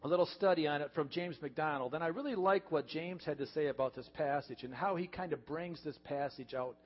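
A pastor preaching a heartfelt sermon, earnest and repetitive, building to emphatic points. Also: male voice, fairly high pitch, a little fast, slightly rough. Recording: dull reverberant church recording.

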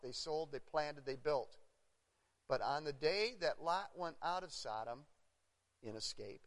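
Preaching earnestly to his flock, a middle-aged pastor speaks in a fairly high voice, hammering points through repetition and pointed emphasis. The sanctuary gives everything a long, ringing reverb.

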